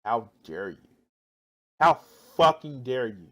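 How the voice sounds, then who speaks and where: A man voicing a raging puritanical man who scolds a woman for immodesty, shouting and sputtering curses. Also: mid-range voice, expressive, slow pace. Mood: outraged.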